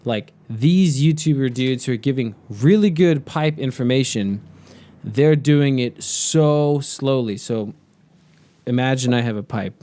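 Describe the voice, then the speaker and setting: A man in his thirties co-hosting a casual podcast chat, blunt and quick to swear. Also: mid-range voice, mellow. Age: 30s. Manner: blunt, swears freely, mocks slow talkers. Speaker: podcast co-host.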